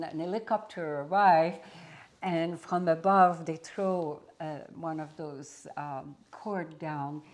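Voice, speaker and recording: Brief: woman teacher, slow unhurried parable telling, lowish voice. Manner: slow, deliberate storyteller. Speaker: spiritual teacher. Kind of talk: storytelling satsang talk.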